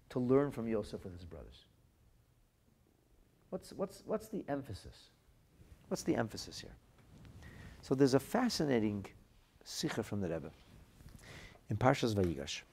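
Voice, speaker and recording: A man's voice: medium pitch, vocal fry, a little mellow, husky. A man teaching a Torah class as a rabbi, reading phrases from classic texts aloud and translating them into plain speech. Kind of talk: lively text-based Torah lesson.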